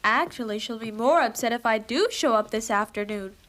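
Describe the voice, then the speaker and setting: A woman voicing a spirited teenage girl in an animated series, stuffy and sneezing with a cold, lively and frank. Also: a little high, brisk, close to an everyday voice. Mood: chatty.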